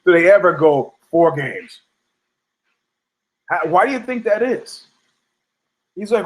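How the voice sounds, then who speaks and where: A man's voice: sits high, animated, measured pace, pauses often, a bit bright, poor audio. A man from New York, hosting a show, delivering a profane, heated, rambling rant full of restarts. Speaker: podcast host. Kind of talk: ranting monologue.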